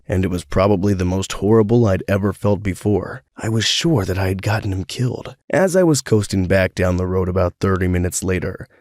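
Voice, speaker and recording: A man narrating first-person stories as a story reader, sounding a bit sick with a cold and keeping a steady reading pace. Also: low voice, no room sound, clean studio sound.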